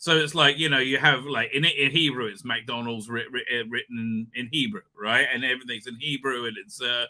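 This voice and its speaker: A man's voice: mid-range voice, steady tone, fairly quick, hardly any pauses, bright, forceful tone. A man hosting a live online show, chatting casually and rambling with many fillers, restarts and laughs. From Israel. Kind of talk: casual live-stream chat.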